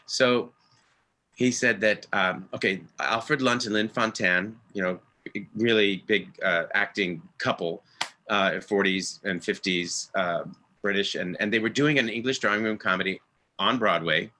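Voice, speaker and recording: Bright-voiced man, earnest and halting, passing on stage advice over a video call; conversational storytelling. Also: lowish voice. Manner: earnest, halting, with many restarts. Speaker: original cast member and director. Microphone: video call microphone.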